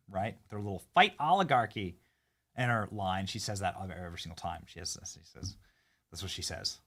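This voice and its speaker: A man's voice: mid-range voice, a bit bright. A man hosting a political commentary show, sarcastic and mocking as he reacts to clips. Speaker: host.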